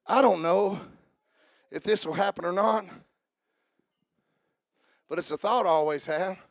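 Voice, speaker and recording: High-voiced, gravelly man preaching. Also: measured pace, no echo, clean studio sound. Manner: emphatic, rousing preacher. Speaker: pastor. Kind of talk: sermon.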